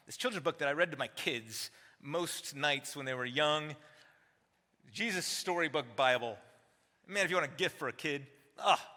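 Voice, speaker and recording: A teaching pastor in his forties preaches in a large church sanctuary, his fairly high, sharp voice carried by long hall reverb. He's emphatic and conversational, throwing rhetorical questions at the congregation.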